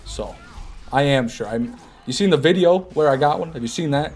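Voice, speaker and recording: A man's voice: fairly high pitch, moderate pace, a little mellow. A man streaming a video game, chatting casually with his viewers, joking and poking fun at himself. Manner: chatty, answers chat, jokey and self-deprecating. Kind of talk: casual gaming stream commentary.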